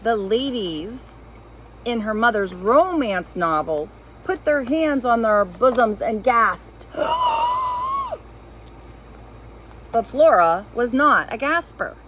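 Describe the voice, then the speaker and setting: A woman reading a children's novel aloud in an expressive, animated storytelling voice. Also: a little high, takes it slowly, background noise. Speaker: reader.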